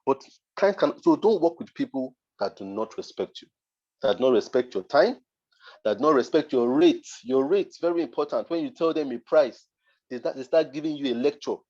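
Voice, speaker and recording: A man's voice: mid-range voice, expressive, normal speed, a little mellow, muffled recording. A Nigerian man, a design mentor, giving a motivational masterclass talk, emphatic and repeating his points for force.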